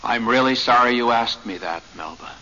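A man's voice: mid-range voice, normal speed, over music, natural voice. An actor playing the ghost of a dead husband, speaking tenderly to his widow. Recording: dull old radio recording with noise.

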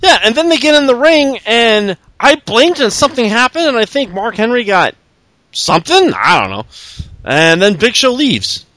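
A man's voice: extremely high pitch, sing-song, moderate pace, sharp tone, no echo. A man hosting a podcast, giving a sarcastic, profane casual recap. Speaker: podcast host. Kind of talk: casual wrestling recap chat.

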